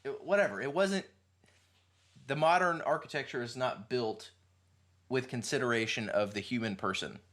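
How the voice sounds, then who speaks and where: A man's voice: mid-range voice, moderate pace, fairly bright tone. A man hosting a casual podcast chat, thinking aloud as he talks, with many restarts. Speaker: podcast host.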